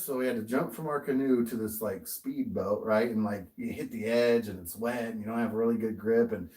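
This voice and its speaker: A man's voice: mid-range voice, normal speed, darkish tone, distant mic, low-quality recording. A man co-hosting a podcast, telling a story in casual chat, swearing often and laughing as he goes. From American. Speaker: podcast co-host.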